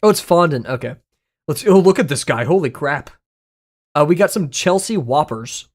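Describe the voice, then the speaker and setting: A streamer chatting casually and excitedly with viewers, laughing often and swearing freely while reacting to chat. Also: mid-range voice, moderate pace.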